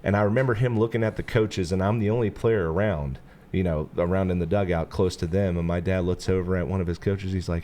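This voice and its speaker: With a low voice that moves a little fast and rarely pauses, a podcast host recounts a long story during a casual chat, over a little hiss or hum. He's an animated, laid-back storyteller who acts out quotes in bursts and drops lots of "you know" fillers.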